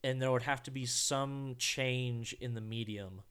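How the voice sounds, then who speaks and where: Rambling casual man with a smooth voice. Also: mid-range voice, fairly even intonation, a little slow, a bit bright. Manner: rambling, self-interrupting, swears casually. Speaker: podcast co-host. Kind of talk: casual chat.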